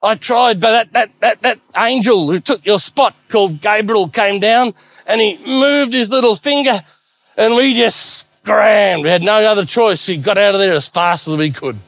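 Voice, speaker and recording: A man's voice: medium pitch, fairly even intonation, normal speed, vocal fry, a bit bright, breathy edge, no room sound, full character voice. A man voicing Death, a terrified male imp servant who stammers in panic. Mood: panicked.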